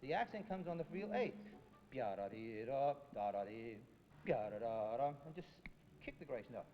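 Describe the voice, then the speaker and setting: A man's voice: high voice, sing-song, fast. A man coaching musicians in rehearsal, scatting rhythms to show the phrasing. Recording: dull 1970s film sound in a reverberant hall. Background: music playing.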